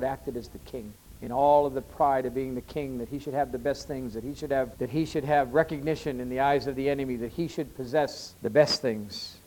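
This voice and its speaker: A man preaching a sermon as pastor, swelling louder on key points and slowing down to read scripture aloud. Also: mid-range voice, a little hiss or hum, rough recording. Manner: builds to loud emphatic rises, slows to read scripture.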